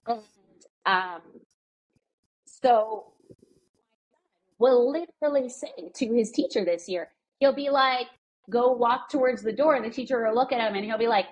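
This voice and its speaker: A woman in her thirties chats as a podcast guest, telling stories bluntly and with plenty of swearing. Her voice sits a little high and sounds husky. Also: measured pace, pauses often, poor audio. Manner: blunt, animated, swears freely. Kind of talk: candid conversational storytelling.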